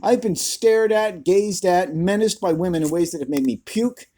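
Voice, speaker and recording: A man with a squeaky voice ranting to camera outdoors in a furious, profane, confrontational way. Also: moderate pace, dark tone. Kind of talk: angry rant to camera.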